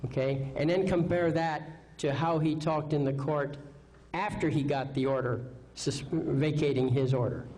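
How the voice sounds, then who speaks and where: A man's voice: a little high, unhurried, a little mellow, rough recording. A man giving a live seminar lecture, confident, asking rhetorical questions and checking in with "okay?". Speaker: seminar speaker.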